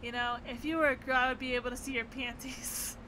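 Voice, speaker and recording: A woman voicing a drowsy, deadpan, eccentric young girl in a visual novel, with a slow, slurred, dreamy way of talking. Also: high-pitched, background noise, lightly acted.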